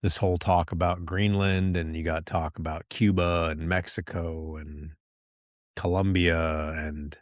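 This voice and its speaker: A man's voice: deep voice, little pitch movement, unhurried, no room sound, studio quality. A middle-aged man hosting a solo podcast, talking candidly and rambling with lots of restarts. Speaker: podcast host.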